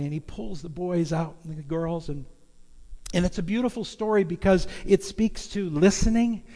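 A man's voice: fairly high pitch, warm tone, long reverb tail. A man preaching a sermon, telling a story in a loose, conversational way. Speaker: pastor.

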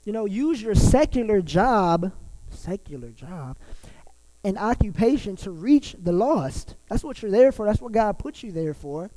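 A man preaching to his church in a relaxed, chatty sermon. His voice sits high for a man and has a soft, mellow tone. He keeps stopping to restart and uses plenty of fillers. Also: moderate pace, few pauses, low-quality recording. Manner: conversational, many fillers and restarts. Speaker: pastor.

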